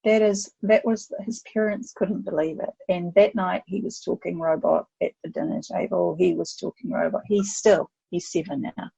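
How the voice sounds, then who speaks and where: A grandmotherly older woman with a gravelly, husky voice tells stories in an animated way, slipping into playful voices. The sound is dry and a little dull. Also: lowish voice, moderate pace, few pauses, no echo. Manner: animated storytelling, acts out voices. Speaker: guest expert. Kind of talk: podcast conversation.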